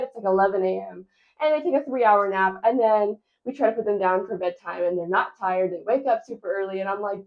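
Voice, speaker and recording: A woman's voice: medium pitch, quick pace, dull audio. A woman vlogging casually as a busy mom, chatty and rambling with a self-deprecating streak. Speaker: vlogger and stay-at-home mom. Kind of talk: casual vlog chat.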